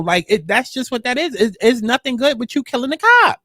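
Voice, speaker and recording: A woman's voice: fast talker, few pauses, no room sound, clean studio sound. A woman hosting a casual TV episode recap, talking bluntly with lots of profanity. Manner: animated, blunt and profane, with sudden jumps in pitch. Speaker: TV recap host.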